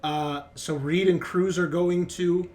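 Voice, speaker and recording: A man's voice: high voice, slow, slight background noise. Guy running a tabletop game, laid-back and jokey, lots of uhs. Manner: relaxed, joking, with filler hesitations. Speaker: game master.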